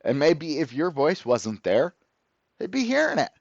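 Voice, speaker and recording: Man ranting, swinging pitch wildly. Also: huge pitch swings, unhurried, gravelly, dry recording, dull audio. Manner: profane, sarcastic, exasperated. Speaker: channel host. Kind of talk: ranting to camera.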